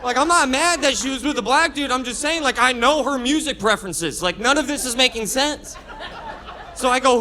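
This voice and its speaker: Brash high-voiced male stand-up comedian. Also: fairly quick. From Florida. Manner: brash, escalating to shouted rants. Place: comedy club stage with audience laughter.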